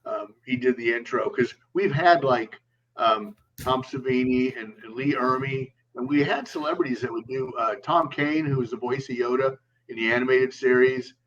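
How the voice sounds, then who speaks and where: A man's voice: mid-range voice, moderate pace, a bit bright. A man co-hosting a podcast in casual chat, rambling with many ums and uhs. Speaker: podcast co-host. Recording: lo-fi, distant mic with faint hum.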